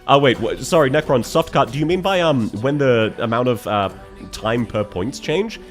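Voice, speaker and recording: A man's voice: mid-range voice, animated, normal speed, soft background music. A young man chatting on a live stream, laughing often and thanking his viewers. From Australia. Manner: emotional, laughing between words, thanking chat. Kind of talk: casual live-stream chat.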